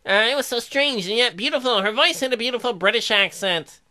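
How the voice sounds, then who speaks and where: A woman reading dating-sim narration aloud in a deadpan way, broken up by crude joking asides. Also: on the high side, brisk.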